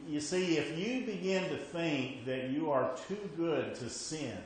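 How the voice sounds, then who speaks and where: A man's voice: a little high, expressive, unhurried, hardly any pauses, a little hiss or hum. A man preaching a sermon, emphatic, repeating his points and often checking in with "okay?". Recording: very echoey hall with faint ambience.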